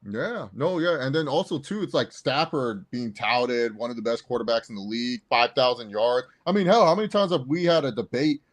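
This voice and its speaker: A man co-hosting a casual sports chat, excitable and rambling, with lots of fillers. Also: mid-range voice, brisk, hardly any pauses. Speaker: co-host.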